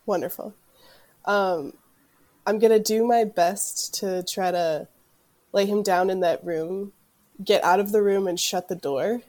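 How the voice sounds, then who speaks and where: A woman's voice: medium pitch, a little slow, a little mellow. A woman playing a tabletop role-playing game, speaking plainly and matter-of-factly. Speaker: player. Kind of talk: casual tabletop play.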